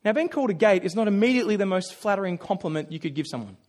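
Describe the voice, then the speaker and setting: A man with a noticeably high voice preaches a sermon, leaning into animated storytelling. He pokes fun at himself as he goes and slips into quick little voices to act out his stories. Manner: animated storytelling with self-deprecating humor. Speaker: pastor.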